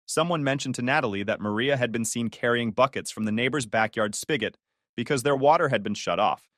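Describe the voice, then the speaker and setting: A man's voice: mid-range voice, brisk, fairly bright tone, no room sound, clean studio sound. A man narrating a first-person family drama story in a bitter, matter-of-fact way.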